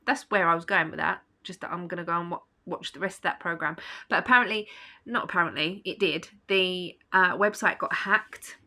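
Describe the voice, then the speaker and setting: A woman's voice: on the low side, a little fast, sharp tone. A woman vlogging at home in a casual, rambling chat, sleepy and yawning. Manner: chatty, rambling, with fillers and small laughs.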